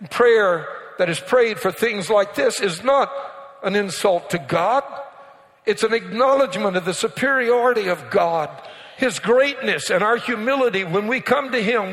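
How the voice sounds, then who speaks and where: A male pastor with a notably high-pitched voice delivers a sermon to his congregation, the sound carrying a long reverberant tail from the church hall. He speaks directly to the pews with asides and prompts, and pushes into emphatic, almost shouted peaks. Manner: preaching with call-and-response asides to the congregation. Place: church sanctuary.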